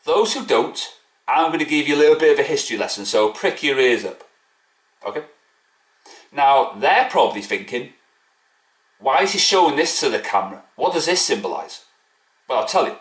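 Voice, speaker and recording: Mocking fan vlogger, middling pitch, room echo on his voice. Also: very animated, normal speed, pauses often. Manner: mocking, scornful ranting. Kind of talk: ranting fan video to camera. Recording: echoey room.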